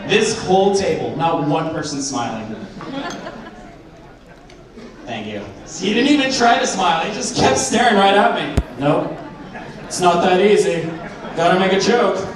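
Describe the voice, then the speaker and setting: A nineteen-year-old man from Arizona, USA, performs a rambling, self-mocking stand-up set in a comedy club. His voice is high and animated at a normal speed. A distant camera captures it, so the sound is echoey, with crowd noise and background clatter.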